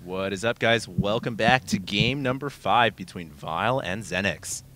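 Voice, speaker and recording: A man's voice: fairly low pitch, unhurried, a bit bright, a little hiss or hum. A man doing color commentary on a video game match, upbeat and jokey. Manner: upbeat, jokey, laughs easily. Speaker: esports caster.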